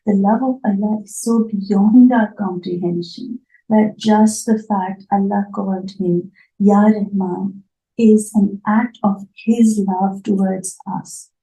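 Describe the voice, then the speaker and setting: A woman giving a reflective spiritual talk, emotional and tearful, her voice soft and at times dropping to near whispers. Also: medium pitch, fairly even intonation, takes it slowly, roomy sound, low-quality recording. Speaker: spiritual art therapy host.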